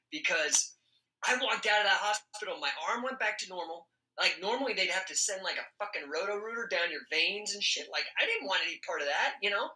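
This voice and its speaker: A middle-aged man telling a story in casual talk, swearing constantly and laughing as he goes. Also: sits high. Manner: profane, animated, laughs often. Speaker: podcast guest. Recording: roomy echo.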